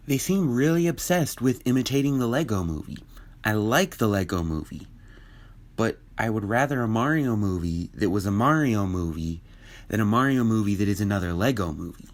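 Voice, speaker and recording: Male video commentator, mid pitch, opinionated and thinking aloud, casual talk. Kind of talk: casual commentary on a film trailer.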